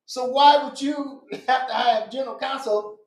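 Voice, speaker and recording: Emphatic high-voiced man, echoey room. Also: fairly even intonation, normal speed. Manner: emphatic, insistent, repeats himself. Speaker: guest. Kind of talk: casual podcast conversation.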